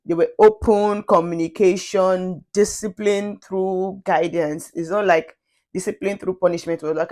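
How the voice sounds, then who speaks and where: A woman's voice: fairly low pitch, steady tone, measured pace, a little mellow. A woman vlogger talking through her views in a casual, thoughtful monologue, often restarting sentences and adding conversational asides. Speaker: parenting vlogger.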